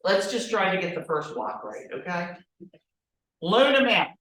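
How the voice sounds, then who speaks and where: A woman's voice: lowish voice, very animated, measured pace, a bit bright. A woman leading a real estate training class, speaking directly and with animation, often asking rhetorical questions. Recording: echoey room, voice from far off.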